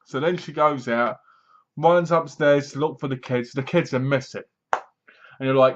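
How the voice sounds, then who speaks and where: A man casually recapping a horror film, animated, acting out the characters' lines and laughing at his own jokes. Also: medium pitch, a little slow, muffled recording. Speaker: movie reviewer.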